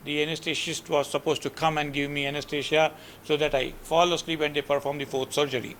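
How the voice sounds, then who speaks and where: A man's voice: fairly high pitch, level tone, brisk, fairly bright tone, slight background noise. Earnest Indian man telling a story. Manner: earnest, with frequent "you know" asides. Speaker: guest lecturer. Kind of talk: motivational storytelling lecture. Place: lecture to students.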